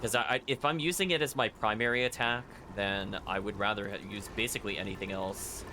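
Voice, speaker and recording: A man's voice: on the low side, fairly even intonation, fairly quick, pushed and bright, slight background noise. Chatty man commenting on his gameplay. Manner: chatty, analytical, uses fillers like 'like'. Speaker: streamer. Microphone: headset. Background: game music.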